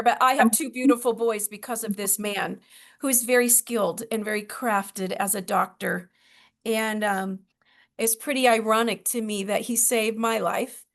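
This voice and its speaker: A woman's voice: on the high side, vocal fry. A woman hosting a wellness video call, chatty and emotional, with many fillers. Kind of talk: casual presentation on a video call.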